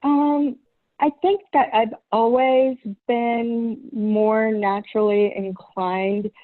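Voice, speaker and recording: A woman's voice: fairly high pitch, little pitch movement, takes it slowly, dry recording. Middle-aged woman guest on a tinny line. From Long Island, New York. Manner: hesitant, many ums, light laughs. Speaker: podcast guest, holistic chiropractor. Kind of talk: casual interview answers.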